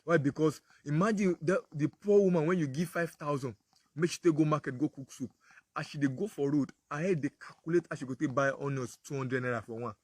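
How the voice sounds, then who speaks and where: A man's voice: on the high side, brisk, a little mellow, no room sound. A man with a Nigerian accent, telling a story in a casual Pidgin sermon talk and acting out the dialogue. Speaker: apostle speaking on parenting.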